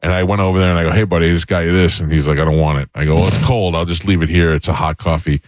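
A man's voice: sits low, steady tone, rapid-fire, dry recording. A man hosting a morning radio show, chatting casually and acting out both sides of conversations as he tells stories. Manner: storytelling, acts out both sides of exchanges. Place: radio studio. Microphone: studio mic.

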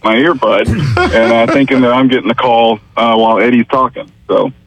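A man's voice: mid-range voice, fairly even intonation, a little fast, a crowd in the background. A man calling into a sports radio show, chatting casually and telling a story. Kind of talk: casual call-in chat. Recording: muffled phone line.

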